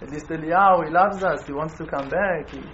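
A man giving an impassioned appeal, pleading, repeating his phrases and swinging between loud urging and quiet, near-tearful moments. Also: fairly high pitch, brisk. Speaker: community speaker making an appeal. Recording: dull lo-fi with faint noise.

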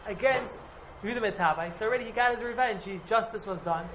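Slight hiss or hum accompanies this recording of a man teaching a relaxed Talmud class to a handful of students in an echoey room. His voice sits high with a fairly bright tone, and he talks fast, rambling, repeating himself and hedging a lot.

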